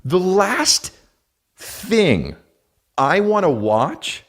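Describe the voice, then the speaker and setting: A man in his thirties hosting a podcast, ranting comedically with lots of swearing and quick put-on voices. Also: a little high. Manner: profane, animated, acts out silly voices. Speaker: podcast host. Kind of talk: comedic rant.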